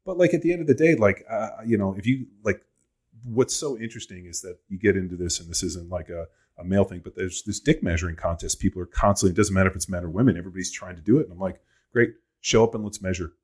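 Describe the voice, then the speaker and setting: A man's voice: deep voice, quick pace, a little mellow, breathy edge. A middle-aged man hosting a casual podcast chat, telling stories in a blunt, profane way. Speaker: podcast host.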